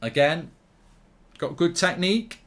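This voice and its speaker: A man hosting a live football watchalong stream, commentating excitably, swearing casually and ranting in bursts. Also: on the high side, a little slow.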